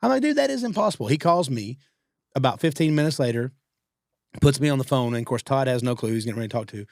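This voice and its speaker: A man, co-hosting a podcast and telling stories in a casual, animated way, acting out what other people said. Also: medium pitch, no echo, studio quality. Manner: fast-talking, animated quoting of others. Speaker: podcast co-host. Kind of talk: casual storytelling.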